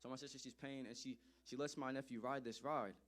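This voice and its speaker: A man's voice: mid-range voice, fairly quick. Emphatic man telling a personal story. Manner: animated, emphatic, repeats phrases for effect. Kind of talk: storytelling address to an audience.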